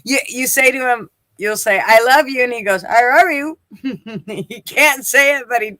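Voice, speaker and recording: A woman's voice: a little high, moderate pace, pushed and bright, dry recording. A woman hosting a casual live-stream chat, telling rambling stories and swearing freely. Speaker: host.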